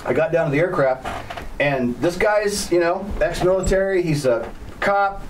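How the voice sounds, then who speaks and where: A man's voice: fairly high pitch, animated, moderate pace. Man, helicopter instructor, blunt and plainspoken, mic a bit far off, faint hiss behind. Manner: plainspoken, blunt, firm opinions. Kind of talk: casual storytelling to an online group. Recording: slightly distant mic with faint background noise.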